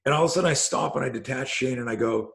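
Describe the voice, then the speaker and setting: A man from Canada telling a story on a video call, lively and swearing, acting out what people said. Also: mid-range voice, racing, gravelly. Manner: animated, swears, acts out quoted speech. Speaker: self-defense coach and host.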